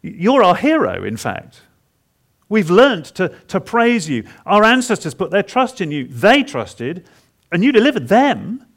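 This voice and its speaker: Gravelly preacher guy, kinda high voice, acts out the psalm in first person, stumbles and repeats himself. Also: wildly swooping pitch, a bit bright. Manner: halting, repeats words for emphasis. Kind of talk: expository sermon.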